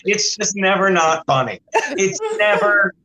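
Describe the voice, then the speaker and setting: A man's voice: sits high, a little slow, reverberant, noisy background. A man telling rambling, profane comic stories as a guest, laughing at his own jokes. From New York. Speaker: guest comedian.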